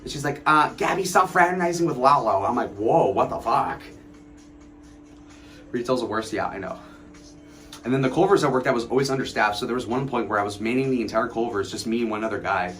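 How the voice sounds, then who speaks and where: A man in his twenties chatting on a late-night livestream, rambling, swearing and mocking people while he answers chat. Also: fairly low pitch. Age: 20s. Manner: rambling, profane, mocking storytelling; reads and answers chat messages aloud.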